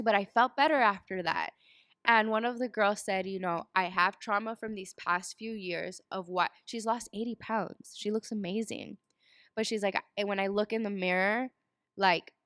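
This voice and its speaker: A woman in her twenties chatting as a podcast guest, animated, often laughing and acting out what people said. Her voice is smooth and resonant, recorded close and dry. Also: medium pitch, no room sound. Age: 20s. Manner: animated storyteller, acts out quoted dialogue, laughs often. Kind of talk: casual chat.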